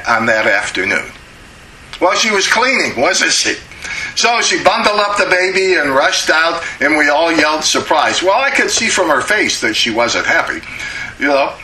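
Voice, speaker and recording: Man teaching a bright, conversational Bible study. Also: fairly high pitch, a little hiss or hum, low-quality recording. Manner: conversational, with frequent "uh" restarts and rhetorical questions. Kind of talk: sermon-style Bible teaching.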